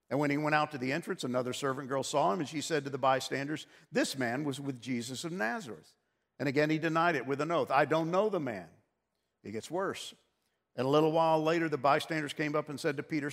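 A male pastor giving an earnest, conversational sermon, often repeating words as he explains scripture. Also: mid-range voice.

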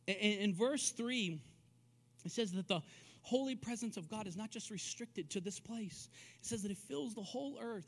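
A man preaching a sermon, who repeats words as he builds emphasis and rises into forceful declarations. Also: sits high. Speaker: pastor. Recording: long reverb of a hall.

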